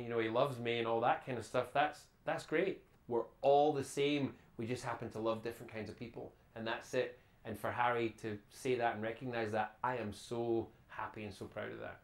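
A man's voice: mid-range voice, fairly even intonation, normal speed, roomy sound. A Scottish man giving an interview, talking bluntly and animatedly. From Scotland. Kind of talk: emphatic casual talk.

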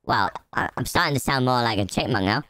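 A man speaking through a pitch-shift effect that raises his voice into a chipmunk sound, goofy and sing-song. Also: fast, pushed and bright, dry recording.

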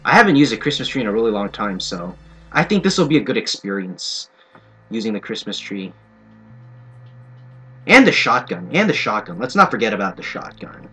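A man's voice: fairly low pitch, sing-song, brisk, sharp tone, slightly rough. A young man giving playful, sarcastic commentary while playing a shooter game. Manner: playful, sarcastic, jokey asides. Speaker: gaming commentator. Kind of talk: let's play commentary. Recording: faint game music behind.

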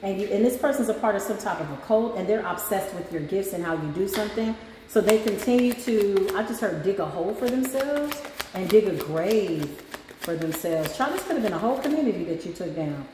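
A woman's voice: mid-range voice, lively intonation, a little fast. Sassy, chatty woman giving a spiritual reading. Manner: sassy, chatty, says "child" and "y'all" a lot. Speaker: spiritual reader and channel host. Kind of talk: casual tarot-reading vlog talk. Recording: echoey room with faint background hum.

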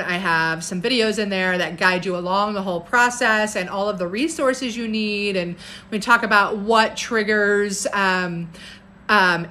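Bubbly chatty woman, bright voice. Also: a little high. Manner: bubbly, chatty, laughs often, reads viewer comments aloud. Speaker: herbalist hosting a live stream. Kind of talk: casual live-stream chat.

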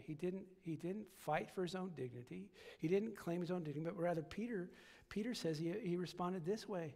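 A man's voice: high-pitched, normal speed, gravelly, darkish tone, big-room sound. A man preaching a sermon as pastor, repeating phrases and building to emphatic peaks. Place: church sanctuary.

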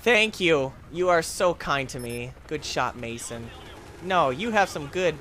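A man hosting a let's play, commentating his own game with excitable jokes and yelps. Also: a little high, a little slow. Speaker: gaming channel host.

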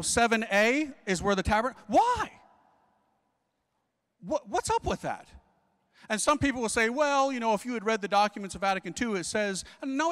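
A Catholic priest in his forties preaches with animated, swooping pitch and a bright, forceful edge. He talks in slang and fires off rhetorical questions. His voice rings out in a hall with a long reverb. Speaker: Catholic priest giving a conference talk. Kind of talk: energetic preaching.

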